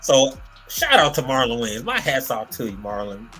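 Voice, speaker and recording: A man's voice: medium pitch, normal speed, faint music behind. A man hosting a casual comedy podcast, retelling a story with lots of fillers and restarts. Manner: animated, rambling storytelling with many fillers. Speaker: podcast host.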